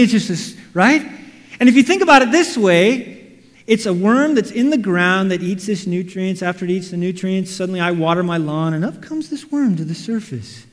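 A man preaching a sermon, animated, acting out quotes and everyday scenes. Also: sits high. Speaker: pastor. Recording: reverberant hall.

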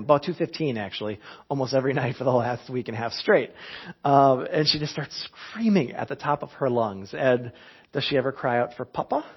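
A man's voice: mid-range voice, husky, lo-fi sound. A man in his thirties, a pastor giving a conversational sermon with chuckles and frequent restarts.

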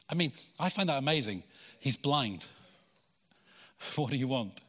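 A man's voice: medium pitch, animated, moderate pace, fairly bright tone. A pastor preaching a conversational sermon, acting out quoted lines and repeating words as he goes. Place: church hall. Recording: long hall reverb.

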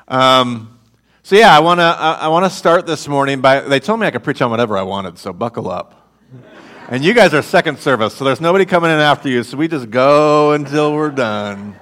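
A man's voice: medium pitch, moderate pace. Playful guest preacher, man. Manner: playful, animated, audience call-and-response. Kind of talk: sermon. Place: church stage.

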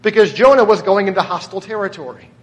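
A man's voice: high-pitched, expressive, quick pace, long reverb tail, muffled recording. A man preaching a sermon as pastor, conversational and often putting questions to the congregation. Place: church.

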